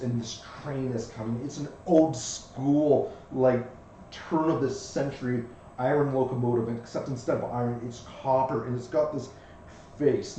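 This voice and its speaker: Casual game master in an echoey room. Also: male voice, mid-range voice, mellow, slight background noise. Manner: casual, loose narration with many fillers. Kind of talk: narrating a tabletop game. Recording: echoey far-off room mic.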